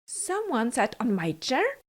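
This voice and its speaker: Storybook papa bear, big and gruff, slow and growling, read by a woman. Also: a little high, wildly swooping pitch, heavily acted. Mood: indignant.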